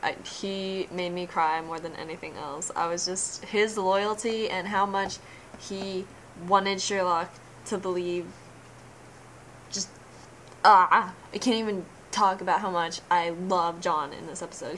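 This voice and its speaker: A woman's voice: lowish voice, unhurried, fairly bright tone, rough recording. Young woman, casual vlogger, gushy and emotional, keeps trailing off; light hiss on the track. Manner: gushing, emotional, trailing off mid-sentence. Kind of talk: casual reaction vlog.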